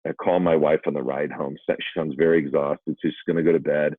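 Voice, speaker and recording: A former school principal telling a candid, self-deprecating story to educators. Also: male voice, a bass voice, steady tone, fast, husky, no echo. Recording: dry, phone-like narrow sound.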